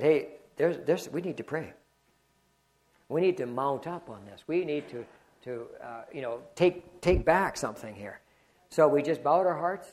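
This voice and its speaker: A man preaching a sermon and telling a personal story, moving between loud exclamations and quiet murmurs. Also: a little high. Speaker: pastor.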